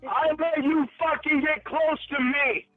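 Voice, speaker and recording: A man's voice: very high-pitched, fairly even intonation, a little slow, no echo, faint music behind. An angry man on a phone call, accusing and swearing heavily, heard over a tinny phone line.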